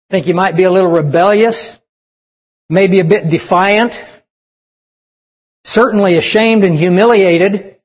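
A man preaching a sermon to young people, emphatic and asking the audience questions. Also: a little high. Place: church service with audience.

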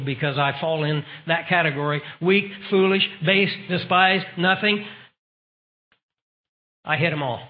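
High-voiced man preaching a sermon. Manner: emphatic, rhetorical questions to the audience. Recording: dull lo-fi recording.

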